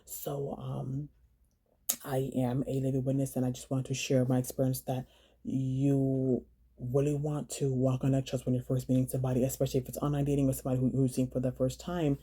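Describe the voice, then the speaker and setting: Woman, vlog storyteller, very dark voice, flat delivery, repeats herself, earnest. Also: extremely low pitch, slightly rough. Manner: halting, repeats words and phrases; earnest, urging viewers to slow down. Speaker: vlogger telling her own story.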